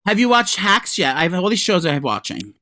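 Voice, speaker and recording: A man's voice: high voice, big pitch swings, fairly quick, bright, forceful tone, dry recording. Man rambling through gossip, dry close mic. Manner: rambling storyteller, trailing restarts, crude asides. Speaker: podcast co-host. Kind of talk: casual chat.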